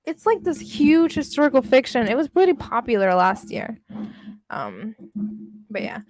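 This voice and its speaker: A woman's voice: fairly high pitch, big pitch swings, moderate pace, darkish tone. A young woman chatting casually with her livestream audience, laughing often and swearing freely. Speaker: livestream host reading with chat. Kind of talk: casual chat.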